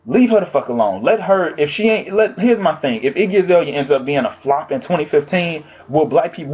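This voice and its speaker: A man's voice: a little high, lively intonation, brisk, hardly any pauses, slightly rough. A man vlogging from home with blunt, profane, exasperated commentary on the news. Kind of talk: casual opinion commentary. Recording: tinny phone-like audio.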